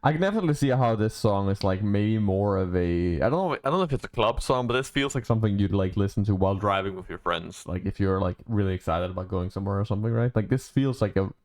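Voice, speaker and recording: A man's voice: lowish voice, animated, quick pace, few pauses, darkish tone. Rambling man reacting to music. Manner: rambling, full of "like" and restarts. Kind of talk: casual reaction commentary.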